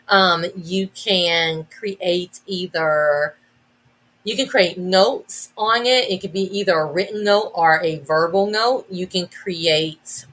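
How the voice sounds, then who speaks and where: A woman's voice: on the low side, a bit bright. A woman who is a guest educator on a podcast, explaining things casually with fillers and self-corrections. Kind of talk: casual conversational interview.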